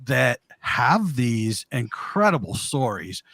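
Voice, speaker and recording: A man's voice: mid-range voice, big pitch swings, takes it slowly, gravelly, fairly bright tone, no room sound, clean studio sound. A man hosting an interview and wrapping it up, appreciative and reassuring toward his guest. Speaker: interview host.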